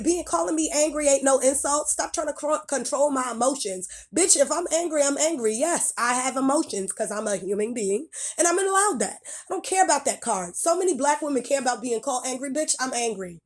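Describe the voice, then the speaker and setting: Blunt, heated woman ranting. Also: high-pitched. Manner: blunt, profane, emphatic, repeats phrases. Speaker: video creator reacting to clips. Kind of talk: heated reaction rant.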